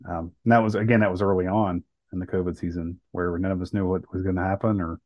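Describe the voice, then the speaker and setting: A man's voice: low voice, level tone, fast talker, no room sound, dull audio. A man co-hosting a podcast, earnestly recounting a personal story in casual talk with many fillers and restarts. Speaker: podcast co-host.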